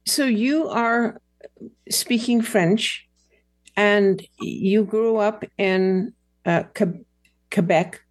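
A woman's voice: mid-range voice, very slow. A woman host in casual conversation, asking curious questions and teasing her guest lightly.

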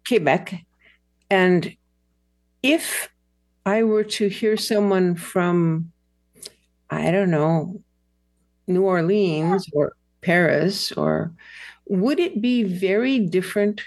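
A woman's voice: lowish voice, slow pace, pauses often, darkish tone. A woman host in casual conversation, asking curious questions and teasing her guest lightly.

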